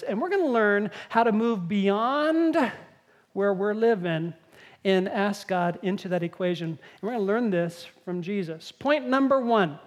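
A woman preaching a sermon, telling Bible stories in a lively way and acting out the quoted lines. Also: mid-range voice.

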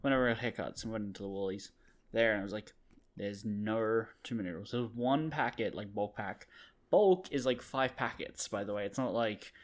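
A man's voice: fairly low pitch, expressive, fairly quick. A man with an Australian accent co-hosting a podcast, chatting in an easygoing, dry, playful way. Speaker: podcast co-host. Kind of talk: casual chat.

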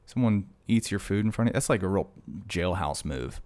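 A male vlogger chats to the camera in a low, darkish voice, his intonation lively and his pace fairly quick. His storytelling is loose and digressive, full of jokes as he rambles from tale to tale.

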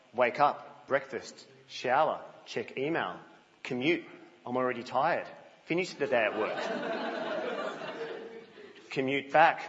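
A man preaching a sermon in a church, telling stories in an animated way and dropping to a hush. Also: mid-range voice. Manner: animated storytelling, drops to a hush. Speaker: guest preacher. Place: church, indoors. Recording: reverberant, muffled church hall.

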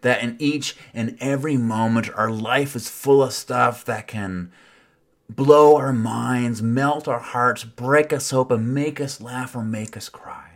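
A man giving a reflective sermon in an earnest tone, with wry self-mocking asides and soft whispered passages. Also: medium pitch. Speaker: preacher.

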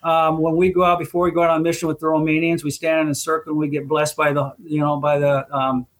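A man's voice: on the high side, little pitch movement, quick pace. An older man, a guest, telling long rambling anecdotes with lots of fillers and small chuckles. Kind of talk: casual storytelling interview.

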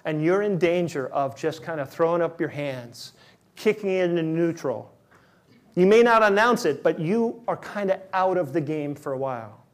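Emphatic pastor, conversational sermon. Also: male voice, a little high, animated, normal speed. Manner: conversational, emphatic preaching with repeated words.

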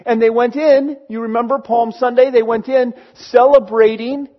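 A man with a fairly high voice preaches by telling a story, casual and animated, slipping into the voices of the people in it. The sound is slightly dull and muffled. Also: moderate pace. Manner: animated, acting out characters, conversational. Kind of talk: storytelling sermon.

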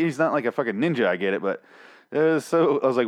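A man's voice: medium pitch, expressive, quick pace. A man casually recapping a TV episode, rambling and swearing, with sarcastic asides.

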